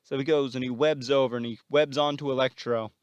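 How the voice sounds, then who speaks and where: A man's voice: mid-range voice, fairly even intonation, brisk, no room sound, dull audio. A man casually retelling a story plot, rambling and full of fillers.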